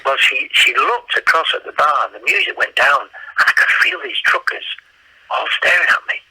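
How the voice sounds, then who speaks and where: A man from England, an impressionist, telling lively anecdotes in a casual chat and slipping into accents. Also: a little high, moderate pace, breathy edge, rough recording. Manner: animated anecdotes, slips into accents. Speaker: guest impressionist.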